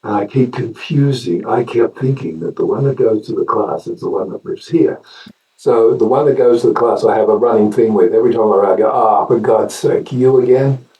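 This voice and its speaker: An older man with an Australian accent, a guest actor telling wry anecdotes in a casual interview, often halting and restarting. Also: lowish voice, warm tone, reverberant, recorded from a distance, low-quality recording.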